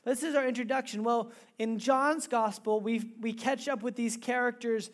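Woman preacher, sermon delivered as casual animated storytelling, chatty asides. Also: fairly high pitch, moderate pace.

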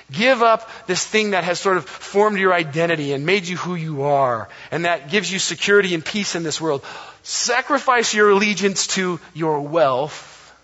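A man in his thirties preaching a sermon as a pastor, telling stories in an animated way and acting out quotes playfully. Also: a little high, slightly rough. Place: church sanctuary. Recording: dull, long reverb of a church hall.

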